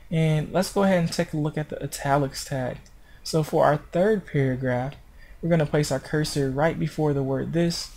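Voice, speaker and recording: Man, tutorial narrator, step-by-step explaining, informal, gravelly, slightly high. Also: darkish tone. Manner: step-by-step, informal with restarts and self-corrections. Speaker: web design tutor.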